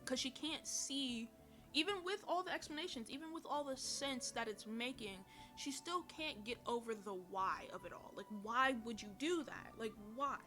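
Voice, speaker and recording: A woman with a high, bright, forceful voice gives casual commentary as host of a review show. She rambles, restarts her sentences and fills the gaps with "like" and "you know." Soft music plays faintly behind her. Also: normal speed. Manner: chatty, rambling, frequent fillers and self-corrections. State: burping from heartburn. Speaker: podcast host reviewing a TV drama.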